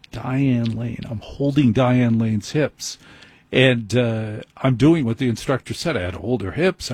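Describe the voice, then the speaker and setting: A man's voice: mid-range voice, darkish tone, husky, no echo. A man hosting a late-night call-in radio show, telling a wry, self-deprecating story in a conversational way. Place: radio studio.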